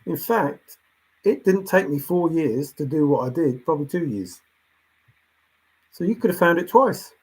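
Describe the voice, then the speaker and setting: Husky-voiced man ranting insistently. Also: on the high side, poor audio. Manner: lecturing, insistent, repeats himself, swings between soft and loud. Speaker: treasure hunt commentator. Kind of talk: ranting monologue.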